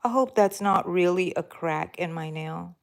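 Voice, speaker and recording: A woman's voice: lowish voice, unhurried, vocal fry. A woman hosting a crochet live stream, chatting casually and answering viewer comments while she crochets, rambling with fillers and self-corrections. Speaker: crochet livestream host.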